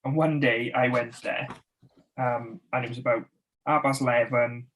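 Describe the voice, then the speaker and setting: A man's voice: medium pitch, fairly even intonation, moderate pace, a little hiss or hum, rough recording. A man, co-hosting a stream and telling laughing stories about teenage mischief at a shop hatch. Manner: laughing anecdote telling with acted quotes. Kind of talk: casual chat.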